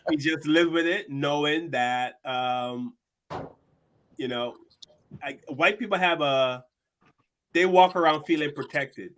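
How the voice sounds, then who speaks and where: Bright-voiced man telling a story. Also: on the high side, slow pace, pauses often. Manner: storytelling, acts out quoted people. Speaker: podcast co-host. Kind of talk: casual discussion.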